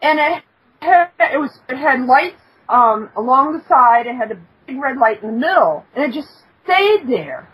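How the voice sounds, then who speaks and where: Female guest, very husky voice, fairly high, halting delivery. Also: very animated, lo-fi sound. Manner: halting, with many fillers, takes corrections from her husband. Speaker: guest, storyteller. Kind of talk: casual storytelling.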